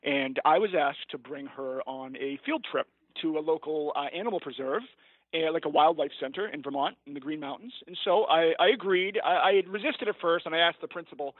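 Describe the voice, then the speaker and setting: A man's voice: on the high side, fairly quick, no room sound, phone-quality sound. Man telling a story over a phone-thin line. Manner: rambling, self-correcting, laughs at his own story. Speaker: guest, teacher and writer. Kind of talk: storytelling in a podcast interview.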